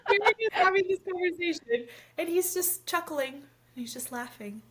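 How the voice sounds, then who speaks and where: A woman's voice: very high-pitched, moderate pace. A woman in her thirties co-hosting a casual podcast, telling a story with lots of acted-out quotes and frequent swearing. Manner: animated storytelling, acting out quotes, swears freely. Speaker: podcast co-host. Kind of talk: casual chat.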